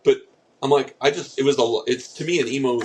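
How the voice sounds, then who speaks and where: A man co-hosting a podcast in casual chat, telling rambling stories with deadpan asides. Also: medium pitch, fast, rough recording. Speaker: podcast co-host.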